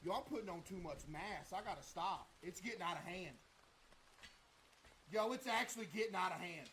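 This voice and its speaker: A man's voice: high voice, expressive, normal speed, a bit bright, a little hiss or hum, rough recording. A young man livestreaming in casual chat, joking and bragging in loose slang.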